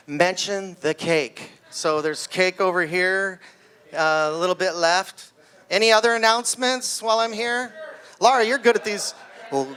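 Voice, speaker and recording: A man in his sixties telling a stand-up story at his own birthday party, acting out the screams and voices of the people in it. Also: high-pitched. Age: 60s. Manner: animated storytelling, acts out screams. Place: party hall with guests.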